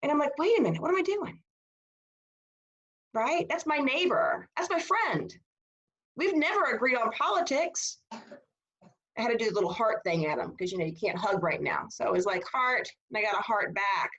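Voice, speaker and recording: A woman's voice: a little high, moderate pace, muffled recording. Chatty woman teaching over a video call. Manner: animated, conversational, asks rhetorical "right?". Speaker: history instructor. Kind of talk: casual seminar lecture.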